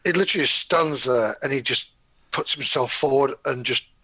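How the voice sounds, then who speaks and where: A man plays a tabletop game and describes his character in a measured way. His voice is of middle pitch. The recording is close and dry, with no room sound. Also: bright, forceful tone, breathy edge, no echo, poor audio. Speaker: player.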